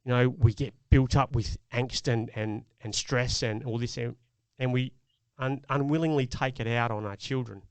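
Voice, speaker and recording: A man's voice: mid-range voice, steady tone, normal speed, hardly any pauses, smooth, no echo. A middle-aged man, a podcast co-host, telling a personal parenting story in an earnest, reflective way. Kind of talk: casual chat.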